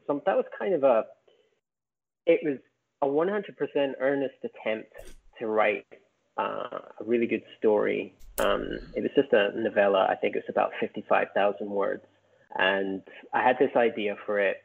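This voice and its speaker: A man's voice: lowish voice, gravelly. A man from the UK, a podcast guest and author, chatting casually and rambling with many fillers and restarts. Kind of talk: casual chat. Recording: tinny phone-like call audio.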